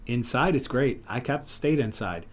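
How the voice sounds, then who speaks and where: Podcast host, male, animated storyteller, casual banter. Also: mid-range voice, moderate pace, noisy background. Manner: animated storyteller, lively retellings. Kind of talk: casual chat.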